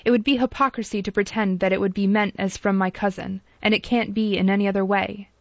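A woman reading the part of a clever, proud young woman who speaks quickly and cuttingly in an audiobook. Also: mid-range voice, fairly even intonation, no room sound, close to an everyday voice. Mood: reproachful. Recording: dull dry lo-fi recording.

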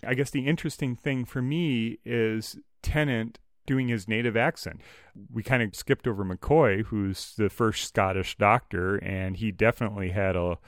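A man with a fairly low voice co-hosts a podcast in relaxed conversation. He is easygoing and chats plainly, recorded close and dry with no room sound. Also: no room sound. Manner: easygoing, brief backchannels, light laughter. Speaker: podcast co-host. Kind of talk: casual chat.

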